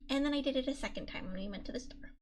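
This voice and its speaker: A young woman streamer chatting softly and casually during an ASMR stream, giggly and quick to gush with excitement. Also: sits high, slight background noise. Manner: soft-spoken, giggly, gushes excitedly at chat. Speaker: VTuber streamer. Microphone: binaural dummy-head mic.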